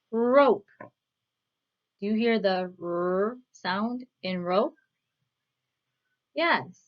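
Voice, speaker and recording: A woman teaching a children's phonics lesson, saying words clearly and asking patient questions. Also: medium pitch, highs cut off. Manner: patient, asks questions and pauses for answers. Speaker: reading teacher.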